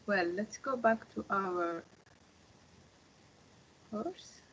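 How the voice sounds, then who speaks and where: A woman's voice: mid-range voice, drawn-out words, fairly bright tone, slight background noise. A woman teaching a marketing course over a video call. She explains patiently and keeps checking in with her students. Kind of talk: online lecture. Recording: muffled lo-fi call audio.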